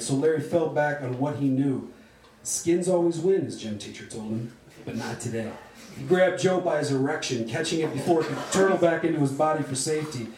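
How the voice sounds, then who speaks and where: A man's voice: a little high, background noise. A man giving a live reading of crude comic fiction, delivered wryly. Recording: roomy sound from a distant mic.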